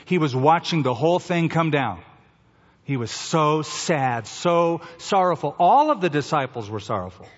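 Male pastor, sermon delivery, slows and softens for key lines; fairly high voice, long hall reverb. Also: lo-fi sound. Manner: slows down for emphasis, drops to a soft low voice at key phrases.

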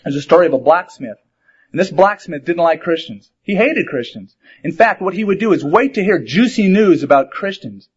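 A man's voice: on the high side, animated, normal speed, breathy edge. A man preaching a sermon in a conversational way, asking rhetorical questions and mixing in humor. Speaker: pastor. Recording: dull lo-fi sermon recording.

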